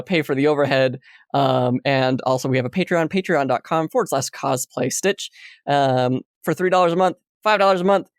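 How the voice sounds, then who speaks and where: A man co-hosting a casual podcast, playful and giggly as he reads plugs and shout-outs. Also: fairly high pitch, dry recording, studio quality. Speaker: podcast co-host.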